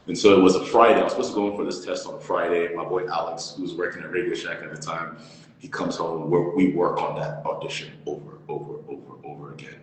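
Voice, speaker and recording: Man, thirties, very low voice, animated storyteller, echoey room, long reverb. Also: fast. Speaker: actor guest. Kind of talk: storytelling in an interview. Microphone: phone or laptop on a live stream.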